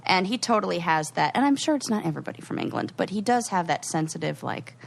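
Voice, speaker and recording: A woman co-hosting a podcast, chatting casually and acting out what friends said in lively voices. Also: fairly low pitch, fast, creaky. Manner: animated, quotes people in lively put-on voices. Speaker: podcast co-host. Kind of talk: casual chat.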